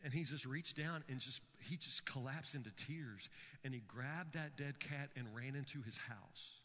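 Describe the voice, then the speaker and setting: A man's voice: medium pitch, normal speed, pushed and bright, in a large hall. A man preaching a sermon, telling stories with frequent stammered restarts. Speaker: pastor.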